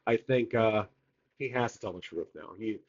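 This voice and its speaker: A man's voice: on the low side, moderate pace, muffled recording. A man narrating his solo tabletop game, thinking aloud, rambling with many fillers and restarts.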